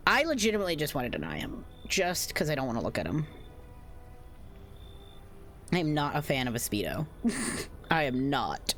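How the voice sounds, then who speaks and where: A woman's voice: sits low, sing-song, normal speed, long pauses, a bit bright. A young woman streaming a game, chatting casually, swearing and sounding exasperated.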